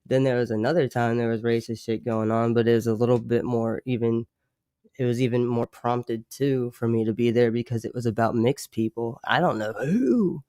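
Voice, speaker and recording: Guy chatting on a stream, slangy and laid back, lots of "like", mid-pitched, dry sound. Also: normal speed, mellow, no room sound. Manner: loose slangy talk, many "like" fillers, swearing; chuckles often between remarks. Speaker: livestream host. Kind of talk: casual livestream chat.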